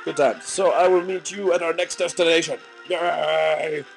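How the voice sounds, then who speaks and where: A man's voice: sits high, fairly even intonation, a little fast, faint music behind, poor audio. A young man with a sore, gunky throat giving goofy gaming commentary full of silly outbursts. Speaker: let's play commentator.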